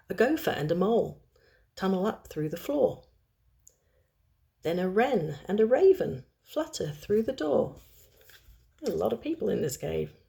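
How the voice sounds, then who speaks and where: Young female storyteller, lowish voice, unhurried, gentle asides to children. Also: creaky. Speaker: storyteller host.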